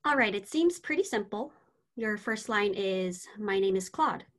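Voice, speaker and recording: A woman reading an impatient young woman who tutors French and snaps quickly. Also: mid-range voice, animated, fairly bright tone. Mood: exasperated. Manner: exasperated, quick to snap. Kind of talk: amateur scene reading.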